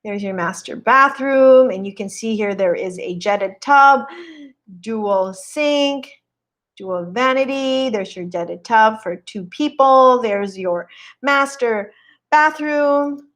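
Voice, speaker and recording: On a casual live stream, a woman real estate agent tours a home listing, chatting admiringly and saying hello to viewers along the way. She speaks slowly in a fairly high, slightly bright voice.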